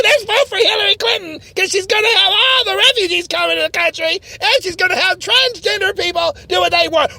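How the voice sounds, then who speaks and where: High-voiced, ranting male radio host. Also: gravelly. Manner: ranting, often shouting, mocking. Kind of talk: mock talk-radio rant.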